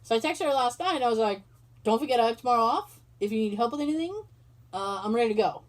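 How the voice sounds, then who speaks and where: Her voice runs a little high, animated and racing, as she hosts a podcast. Telling a story casually, she plays both people in the exchange and doesn't hold back the swearing.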